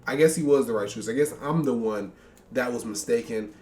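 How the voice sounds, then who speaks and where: A man's voice: mid-range voice, fairly quick, darkish tone. A young man, chatting casually through a sports game simulation and reacting to player stats, tired and yawning after a long day of recording. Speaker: gaming YouTuber.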